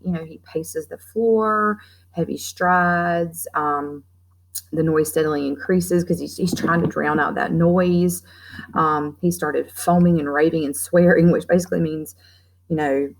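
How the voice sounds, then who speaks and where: A woman with a somewhat low voice walks her class through a story. She explains casually, with frequent fillers and restarts, as a teacher. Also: poor audio. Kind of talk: classroom literature lesson.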